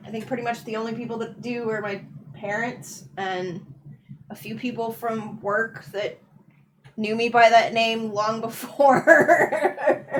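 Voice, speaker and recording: A woman's voice: fairly high pitch, unhurried, background noise. A woman co-hosting a casual livestream, reading chat aloud and laughing often.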